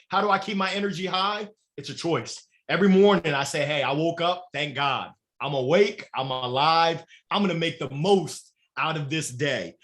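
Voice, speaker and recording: A man giving an energetic motivational talk as a guest, casual and salty, laughing at his own stories. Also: a little high. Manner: energetic, swearing, laughing, animated. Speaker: guest speaker. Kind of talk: motivational talk on a live show.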